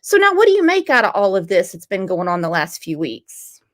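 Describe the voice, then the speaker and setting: A woman's voice: mid-range voice, big pitch swings, a little fast. A woman with a Southern US accent hosting a casual livestream, teasing her guest and reading viewer comments aloud. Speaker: host.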